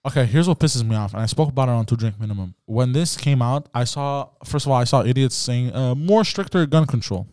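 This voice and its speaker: A young man from Canada chatting casually on a podcast, telling stories in an animated, crude, joking way. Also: medium pitch, a little fast, hardly any pauses, no room sound, studio quality. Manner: animated storytelling with crude banter. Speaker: podcast host. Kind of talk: casual chat.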